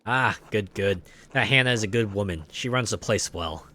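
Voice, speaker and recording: A man's voice: fairly low pitch, normal speed, pushed and bright, a little hiss or hum. A man voicing a boastful, jovial middle-aged miller in a story-driven video game, reading the lines aloud. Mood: hearty.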